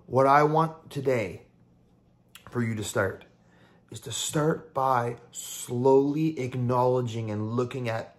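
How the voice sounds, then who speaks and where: Chill therapist guy doing a casual mindfulness talk, upbeat, chatty, acts out little inner voices. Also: medium pitch.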